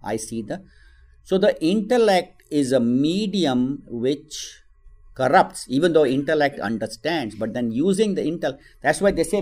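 Guy teaching scripture, tells a story and does the voices, lively. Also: medium pitch, normal speed. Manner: animated storytelling, acts out voices in quotes. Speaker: spiritual teacher.

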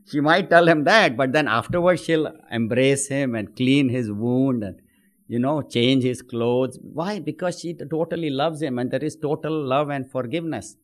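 Man teaching scripture in a patient, conversational way. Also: a little high. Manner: patient explaining with homely examples and frequent fillers. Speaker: spiritual teacher. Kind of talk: scripture discourse.

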